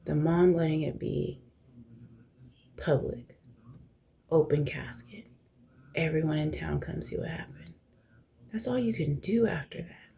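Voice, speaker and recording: A woman's voice: on the low side, vocal fry, dark tone, husky. A young woman host telling personal stories in a casual, blunt, profane way, often dropping to a near whisper. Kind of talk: casual storytelling chat.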